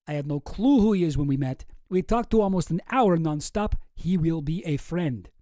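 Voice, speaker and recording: A man's voice: sits high, sing-song, moderate pace, dark tone, dry recording, studio quality, pitched above the performer's own voice. A man putting on a campy, vampire-like Russian accent to read out another man's emails. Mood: mock-sinister.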